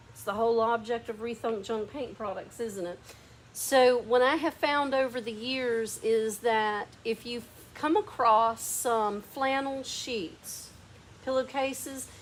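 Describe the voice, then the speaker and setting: The woman hosting this workshop painting demo has a voice on the high side and a lazy Southern drawl, and she chats and coaches a helper as she works through the hands-on demonstration. The audio is poor, with slight background noise.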